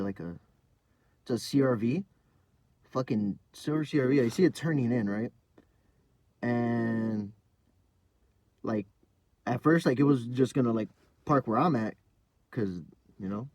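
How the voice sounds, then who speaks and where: A man's voice: mid-range voice, measured pace, pauses often, a little mellow. Profane rambling young man podcaster. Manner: profane, rambling storytelling with frequent fillers. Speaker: podcast host. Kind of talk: casual rambling monologue.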